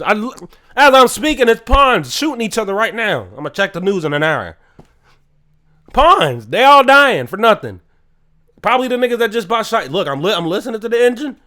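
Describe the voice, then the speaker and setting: A man's voice: sits high, sing-song, moderate pace, bright, forceful tone. A man hosting his own podcast, ranting solo in a profane, incredulous commentary. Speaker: podcast host.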